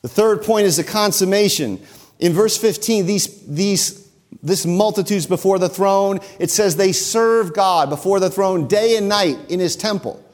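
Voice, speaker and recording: A male pastor preaching a sermon, his voice set a little higher than most men's. He speaks emphatically and draws out the key phrases to drive his point home. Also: unhurried.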